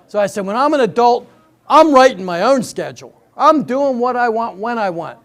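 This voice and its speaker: A man's voice: extremely high pitch, lively intonation, moderate pace, a bit bright. An older man performing a stand-up comedy routine at a senior center, telling stories and bantering with the audience. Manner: chatty storytelling, banters with the audience. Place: senior center hall before a live audience.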